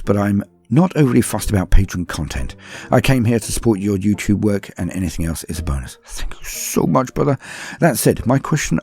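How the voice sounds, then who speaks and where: A man's voice: lowish voice, gravelly, dark tone, husky. A British man from London hosting a casual podcast, answering patron questions in a chatty, self-deprecating way with frequent ums and asides. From London, England. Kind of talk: casual Q&A chat.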